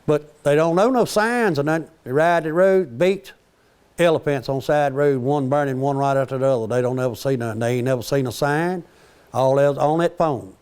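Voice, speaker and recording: A man's voice: medium pitch, moderate pace, darkish tone, smooth. An older man, telling rambling, joking stories about his family. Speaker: storyteller. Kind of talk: casual storytelling.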